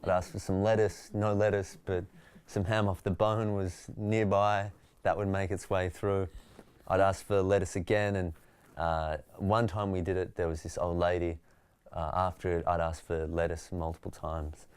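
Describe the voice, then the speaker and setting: An Australian man, a stand-up comedian, telling stories in a relaxed, reflective way during an interview. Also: deep voice, normal speed, smooth. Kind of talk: interview conversation.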